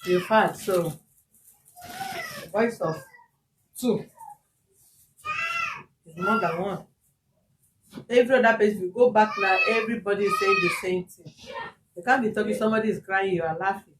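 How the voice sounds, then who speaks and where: A woman's voice: medium pitch, moderate pace, long pauses. Nigerian lady mediator, chatty w pidgin bits, roomy far-off sound, bit of noise. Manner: chatty, mixes in pidgin words, lively when retelling. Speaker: host and mediator. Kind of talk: on-camera family mediation. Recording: roomy, distant mic, faint background noise.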